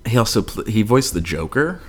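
A man's voice: fairly low pitch, big pitch swings, brisk, a little hiss or hum. A man co-hosting a podcast in casual chat, blunt and profane, with plenty of fillers. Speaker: podcast co-host.

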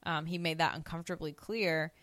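A woman's voice: low-pitched, fairly even intonation, a little fast, a bit bright, no echo. A woman co-hosting a podcast, casually recapping a TV episode and acting out the characters' lines. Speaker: podcast co-host.

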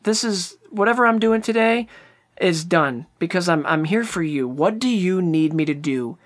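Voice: mid-range voice, expressive, moderate pace, natural voice. A host doing an earnest, pleading boyfriend. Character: young man comforting his girlfriend.

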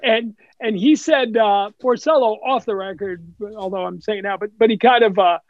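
High-voiced man telling lively stories. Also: normal speed, no room sound, lo-fi sound. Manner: animated anecdote teller, acting out quoted dialogue. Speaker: guest, sports TV studio host. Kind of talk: casual podcast storytelling.

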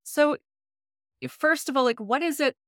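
A woman's voice: high voice, unhurried, a bit bright, no echo. Woman host asking questions, dry sound. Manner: conversational, hesitant questioning with fillers. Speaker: podcast host. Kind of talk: interview questions.

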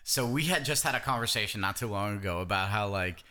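A man's voice: fairly low pitch, expressive, quick pace, bright, forceful tone. A man in a casual podcast chat, playful and rambling. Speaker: podcast co-host.

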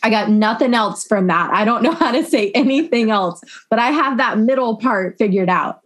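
A woman's voice: a little high, animated, moderate pace, fairly bright tone. Chatty woman guest telling stories. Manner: chatty storyteller, laughs often. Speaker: podcast guest. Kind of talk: casual chat.

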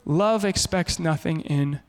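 Brief: pastor in his thirties, high voice, lively humorous preaching. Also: takes it slowly, smooth. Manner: animated, humorous storytelling. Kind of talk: sermon.

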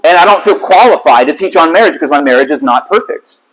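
A man's voice: on the high side, expressive, quick pace, fairly bright tone, low-quality recording. A man giving a sermon in a candid, conversational storytelling way, as a lay teacher.

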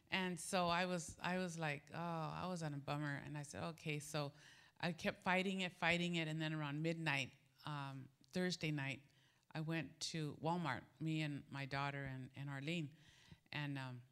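Bright-voiced woman preaching a chatty sermon. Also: deep voice, moderate pace, clean tone. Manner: chatty, animated storytelling with laughter. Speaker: pastor. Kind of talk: casual sermon with personal story. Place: church sanctuary.

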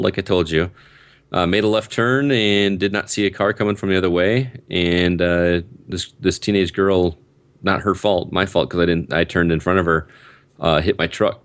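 Deep-voiced man rambling through a story. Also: no echo. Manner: rambling, self-interrupting storyteller with frequent ums. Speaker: guest telling a personal story. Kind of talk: casual conversation.

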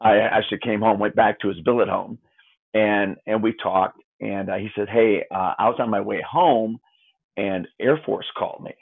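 A man's voice: lowish voice, fairly even intonation, moderate pace, vocal fry, husky. A middle-aged man, a hockey player's parent, telling a story in conversation with lots of restarts, acting out other people's lines. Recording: tinny phone-line sound.

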